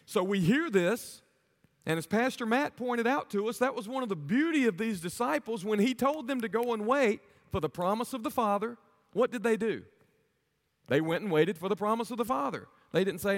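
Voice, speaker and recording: A man's voice: high voice, lively intonation, normal speed. A man preaching a sermon to his congregation, earnestly asking them rhetorical questions. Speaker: pastor. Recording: long hall reverb.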